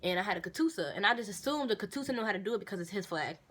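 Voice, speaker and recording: A young woman vlogs a casual Q&A into her phone at a rapid clip. She tells her stories animatedly, breaking into indignant bursts, with many fillers along the way. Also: mid-range voice, animated, a bit bright, slightly rough. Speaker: vlogger answering viewer questions. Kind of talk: casual Q&A vlog.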